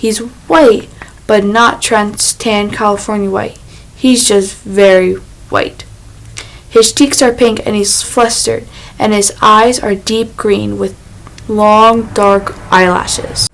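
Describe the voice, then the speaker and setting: A woman narrating a first-person young adult novel in a measured, unhurried reading voice. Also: medium pitch, fairly even intonation, gravelly, a bit bright, low-quality recording. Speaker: audiobook narrator.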